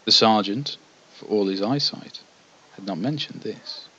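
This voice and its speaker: With a lowish, sharp-toned voice at a measured pace, a man reads a text adventure's story evenly in a let's play and offers hesitant asides between passages. The audio is dull, with slight background noise.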